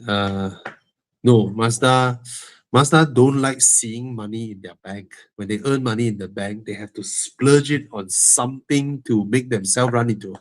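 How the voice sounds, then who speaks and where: On a live stream fielding car-buying questions, a man with a Malaysian English accent speaks at medium pitch, unhurried. He's candid and playful, though congestion has him breathing heavily.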